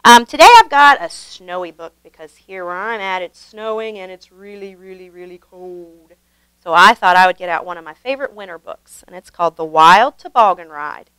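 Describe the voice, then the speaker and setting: A woman hosting her channel and reading a children's picture book aloud in a gentle, expressive way. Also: fairly low pitch, normal speed, clear, resonant tone, dry recording, low-quality recording. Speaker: storybook reader, channel host.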